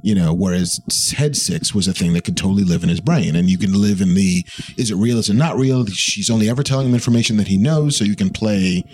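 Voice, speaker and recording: A man's voice: low-pitched, fast talker, few pauses, a little mellow. A man hosting a podcast in a playful, jokey casual chat. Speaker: podcast host.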